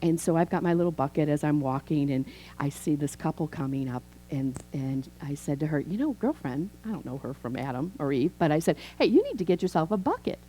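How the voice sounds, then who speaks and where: Woman in her fifties, minister, chatty storytelling sermon, mellow tone. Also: sits low, a little fast, slight background noise, poor audio. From Chicago. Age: 50s. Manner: chatty storytelling, acts out dialogue. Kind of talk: conversational sermon.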